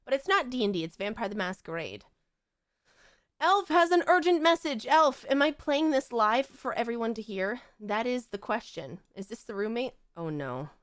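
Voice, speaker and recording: High, animated woman streamer. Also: moderate pace, no room sound. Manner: gushing and animated, with frequent laughs and repetition. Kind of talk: excitable casual stream chat.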